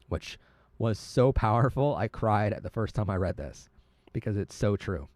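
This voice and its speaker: A man's voice: on the low side, expressive, moderate pace, a little mellow, no room sound. Earnest man hosting a live stream. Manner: earnest, emotional, stumbling over words. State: tearing up. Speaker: livestream host. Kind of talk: emotional live commentary.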